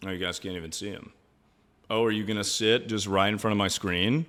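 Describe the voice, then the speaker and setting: A man's voice: on the low side, a little fast, a bit bright. A young man streaming live, chatting casually in a rambling, crude way and laughing often.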